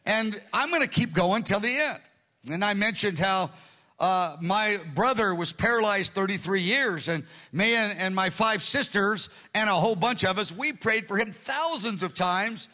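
A man's voice: moderate pace, pushed and bright. A man in his sixties preaching a sermon to his congregation, earnest and conversational, with a voice that tends toward strain. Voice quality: voice prone to strain. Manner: earnest, conversational preaching with sudden rises in pitch. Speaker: pastor.

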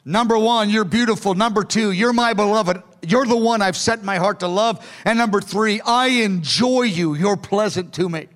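A man preaches a sermon, his voice sitting high for a man. He speaks earnestly and pleads with his listeners, now and then acting out quoted words with a lift in pitch. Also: normal speed, few pauses, a bit bright. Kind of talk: sermon teaching from notes.

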